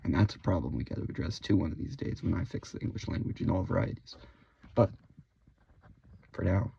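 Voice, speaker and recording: Low gravelly male voice, very husky and dark, comic ranter, dull lo-fi sound. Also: expressive, brisk. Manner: mock-serious, swings between whispered and loud; spells out words letter by letter. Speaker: video creator. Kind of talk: comedic rant to camera. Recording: dull lo-fi recording.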